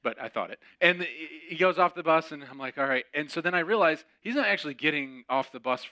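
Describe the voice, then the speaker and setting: Guy preaching on his podcast, tells a story, bright voice, does all the voices. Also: fairly high pitch, fast talker. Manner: animated, acts out quoted voices. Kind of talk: storytelling sermon.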